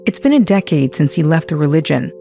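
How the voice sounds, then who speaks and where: Lower-voiced woman narrating a documentary. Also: creaky. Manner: measured, even reading. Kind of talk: scripted narration. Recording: faint music underneath.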